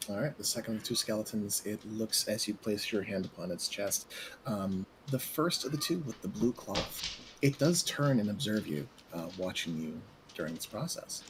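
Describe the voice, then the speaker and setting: Male game master, lowish voice, measured halting narration, noise in the recording. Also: animated. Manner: measured, hesitant narration with fillers.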